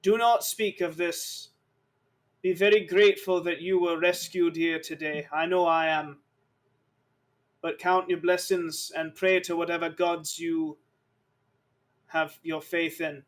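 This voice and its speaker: A man voicing a gruff grown male rescuer who gives urgent commands to survivors in a tabletop game. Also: sits high, takes it slowly, long pauses. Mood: commanding.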